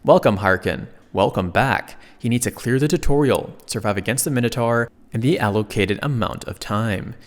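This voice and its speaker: A man narrating a comic recap in a casual, jokey tone at a middle pitch. His voice carries a long hall reverb. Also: brisk, hardly any pauses. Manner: casual with joking asides.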